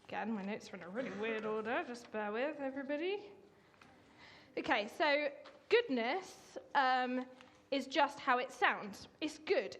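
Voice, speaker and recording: A woman's voice: sits high, fairly bright tone. A woman giving a chatty, upbeat sermon in a church, directing volunteers at the front. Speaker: church speaker. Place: church hall.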